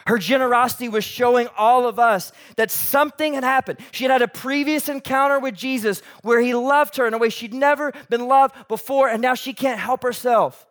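High-voiced preacher with animated delivery. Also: male voice, brisk, hardly any pauses. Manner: animated, shifts between loud emphasis and soft near-whispers; conversational, asks the audience questions. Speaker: pastor. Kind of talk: sermon.

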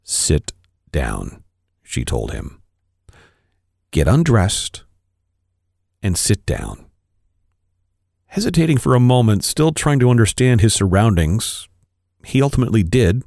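A man, a podcast co-host, reading an erotic story aloud with expressive, varied delivery. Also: medium pitch, no room sound, clean studio sound.

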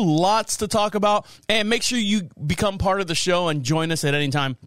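Animated male podcast host telling a story. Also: sits high, quick pace, few pauses. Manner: animated storyteller, laughs often, acts out shouts. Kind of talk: casual radio chat. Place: radio studio.

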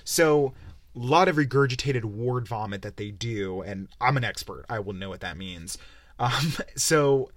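A man's voice: medium pitch, animated, unhurried, no echo. A young man hosting a podcast, giving a profane, exasperated, rambling game review on a close mic. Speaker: podcast host. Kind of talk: casual game-review rant.

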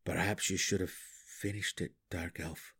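A man voicing a gruff, grim male deep gnome in an audiobook reading, speaking in a calm, measured way. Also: heavily acted.

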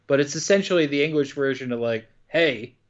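In dull, lo-fi podcast audio, an American co-host chats casually through a movie recap with a dry, wry edge and plenty of swearing. His voice is a little high, animated, and fast.

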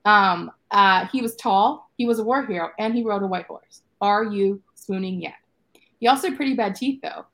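A woman hosts a casual book-club podcast, reading little summaries aloud with playful amusement. Her voice sits at a middle pitch. She keeps the chat moving along. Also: moderate pace, a bit bright. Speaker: podcast host.

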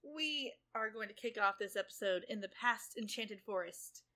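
A woman co-hosting a podcast, recapping an episode in casual chat and briefly voicing the characters as she goes. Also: mid-range voice. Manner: animated recap with quick asides and playful voicing of characters.

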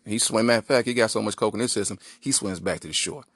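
A man's voice: fairly low pitch, quick pace, fairly bright tone, husky, no echo, studio quality. A man hosting a podcast, telling a rambling comic story with lots of asides. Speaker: podcast host. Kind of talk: comedic monologue.

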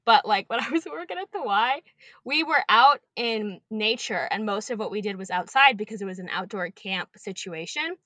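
A woman's voice: mid-range voice, expressive, moderate pace, pushed and bright, no echo. A young woman and preschool teacher chatting as a podcast guest, telling stories animatedly and swearing casually.

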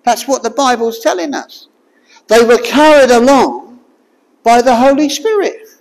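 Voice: mid-range voice, expressive, gravelly. A preacher giving a sermon to a small congregation, asking the listeners question after question. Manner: slow, questioning, draws listeners in with repeated rhetorical questions. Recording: long reverb of a hall.

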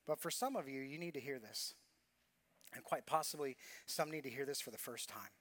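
A man's voice: mid-range voice, brisk, fairly bright tone. A man preaching a sermon as pastor, earnest and confessional, telling a personal story with repeated phrases.

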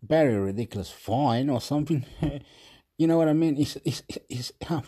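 A man's voice: medium pitch, animated, moderate pace, mellow, slightly rough. A man ranting in a rambling monologue. He keeps repeating himself, stumbles over words and laughs now and then. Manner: repetitive, stumbling, frequent laughs; agitated, exasperated rant.

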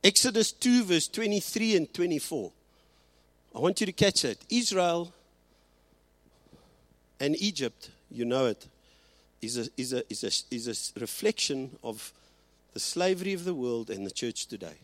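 Male pastor, bilingual sermon delivery, high expressive voice, dry close recording. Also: no room sound. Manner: switches between Afrikaans and English, slows and rises for emphasis.

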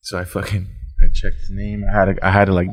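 A man's voice: deep voice, monotone, fast talker. A young man hosting a podcast, telling profane, casual stories full of dude and bro. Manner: profane storytelling, says dude and bro a lot. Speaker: podcast host. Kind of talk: casual chat.

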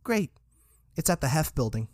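A man's voice: fairly high pitch, very animated, normal speed, darkish tone, no echo. A bookish young she-cat, as a man reading a story puts her on, asks questions in a light, lifted, curious voice. The sound is dry and close. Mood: brisk.

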